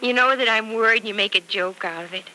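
An actress playing a nervous, giggly young newlywed wife in a 1940s radio drama, recorded on an old radio transcription. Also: female voice, a little high, fast talker, sharp tone, slight background noise, rough recording. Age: young adult. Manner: giggly, fretful, sweet.

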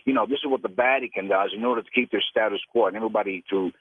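A man's voice: lowish voice, racing, dry recording. A man calling in to a radio show, rambling and combative, full of fillers. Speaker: caller. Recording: tinny phone line on radio.

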